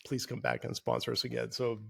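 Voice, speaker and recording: Male co-host, mid pitch, easygoing and rambling, repeats himself. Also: big pitch swings, fairly quick, gravelly, slightly rough. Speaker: podcast co-host. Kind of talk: casual podcast chat.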